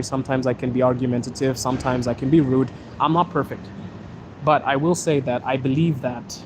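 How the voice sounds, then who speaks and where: A man's voice: mid-range voice, background noise. A man hosting a casual outdoor livestream, chatting and joking as he answers viewer questions while walking through a snowy city. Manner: chatty and joking, reading comments aloud. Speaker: livestream host.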